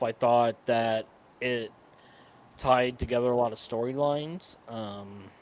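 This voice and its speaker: A man co-hosting a podcast in casual chat, measured and critical as he gives his opinion. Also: medium pitch, a little hiss or hum. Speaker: podcast co-host.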